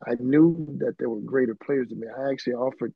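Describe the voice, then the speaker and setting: A man, a guest musician, telling stories in a casual interview, animated and dropping "man" and "you know" as he goes, heard through earbuds on a remote call. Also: mid-range voice, brisk, slightly rough, no room sound, phone-quality sound.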